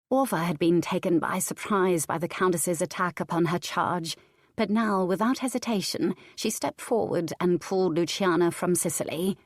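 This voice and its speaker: A woman reads a scripted historical romance audiobook, narrating in a measured, even storytelling style. Her voice is fairly low, and the recording is clean studio audio with no room sound.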